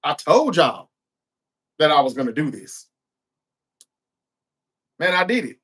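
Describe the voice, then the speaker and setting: A man recaps a wrestling show in an easy, conversational way, with a voice that sits a little higher than most men's. He slips into the wrestlers' lines as he retells each scene. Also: very animated, slow, a bit bright, slightly rough. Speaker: show host.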